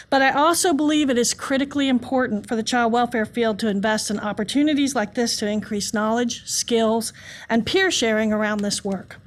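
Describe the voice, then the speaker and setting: A woman in her fifties with a Southern US accent, earnestly reading a formal introduction as session host. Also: sits high. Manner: earnest, reads a prepared introduction. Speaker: session host, deputy director.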